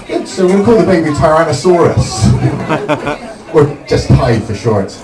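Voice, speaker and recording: A young male stand-up comedian, delivering deadpan one-liners with lots of "um" pauses. His voice is fairly high and rises and falls a lot. He sounds distant in an echoey club with a loud crowd around him. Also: over music. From Somerset, England.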